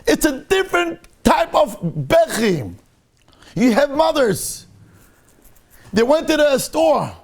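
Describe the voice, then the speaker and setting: A rabbi teaching a Torah class with a very high voice for a man and a gravelly edge. He talks emphatically, circling back and repeating himself as he drives each point home. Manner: emphatic, repetitive, mixes Hebrew into English. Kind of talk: Torah lecture.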